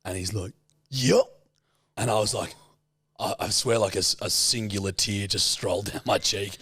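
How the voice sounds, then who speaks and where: A man in his thirties with an Australian accent, co-hosting a podcast and telling stories in a loose, animated way with plenty of swearing. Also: on the low side, a little fast, slightly rough, no room sound, clean studio sound. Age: 30s. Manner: swears freely, animated storyteller. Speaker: podcast co-host. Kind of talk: casual storytelling chat.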